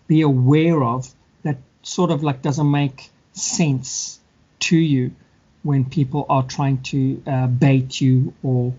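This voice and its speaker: A man chatting casually, telling stories and acting out scammers and their victims in quick mock voices. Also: mid-range voice, dark tone, husky. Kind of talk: casual chat. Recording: dull lo-fi sound.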